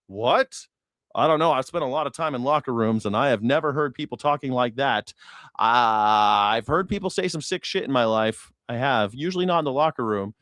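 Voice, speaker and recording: A man's voice: medium pitch, lively intonation, fairly quick, a bit bright, dry recording, studio quality. A man hosting a news reaction stream, talking casually with sarcasm and plenty of swearing as he mocks what he hears. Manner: sarcastic and profane, mocking. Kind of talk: casual political commentary.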